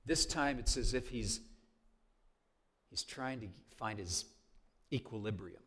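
A man preaching a sermon in an earnest, conversational way. He leans into key words with extra volume, then drops almost to a hush, with a medium pitch throughout. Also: slow, husky. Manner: earnest, conversational, swings from loud to hushed. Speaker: pastor.

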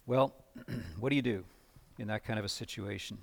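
A man's voice: on the low side, normal speed, gravelly. A male pastor giving a sermon in a conversational way, often stumbling over repeated words. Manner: conversational preaching with dramatic readings and frequent repeated words.

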